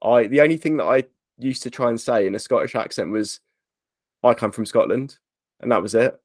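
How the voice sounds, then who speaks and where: A man's voice: mid-range voice, brisk, no room sound. Eager man hosting a podcast, dry sound. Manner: eager, stumbling restarts. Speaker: podcast host. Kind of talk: casual interview chat.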